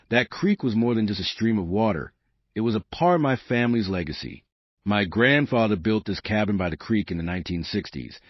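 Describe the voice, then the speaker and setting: A man tells a scripted first-person story with a dramatic, emphatic delivery. His voice sits low but moves through a wide, lively range. The recording is dry and slightly dull, like a lo-fi voice-over. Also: no room sound. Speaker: narrator.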